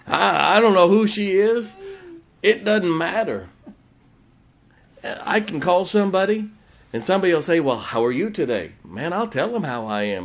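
A man's voice: high-pitched, animated, moderate pace. A male pastor preaching a sermon in church, telling folksy stories and laughing at his own jokes.

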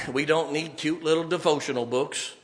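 A man preaching a fiery, folksy sermon, building emphatically to loud peaks. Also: fairly high pitch, fairly even intonation, moderate pace. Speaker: pastor. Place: church sanctuary.

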